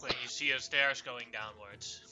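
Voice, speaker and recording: Very bright-voiced male game master. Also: mid-range voice, steady tone, soft background music. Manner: quick, chatty, laughs mid-sentence. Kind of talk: running a tabletop game.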